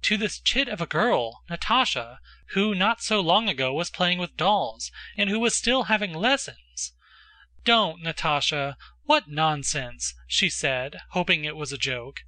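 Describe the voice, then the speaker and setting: A man narrating an audiobook in a measured storytelling manner. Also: sits high, very animated, bright, forceful tone, no room sound. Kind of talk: scripted narration.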